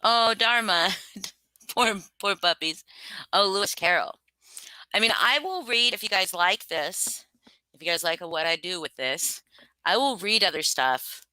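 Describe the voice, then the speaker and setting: A woman's voice: medium pitch, lively intonation, a little slow, bright, forceful tone, dry recording. A woman hosting a casual livestream, chatting loosely with many fillers and restarts. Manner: rambling, filler-heavy, self-conscious. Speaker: livestream host reading stories.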